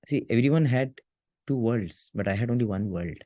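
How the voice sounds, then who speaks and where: A man, an interview guest, talking in an earnest, halting way with frequent restarts as he recounts a personal memory. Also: mid-range voice, expressive, mellow, no room sound, dull audio. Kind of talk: emotional personal reminiscence.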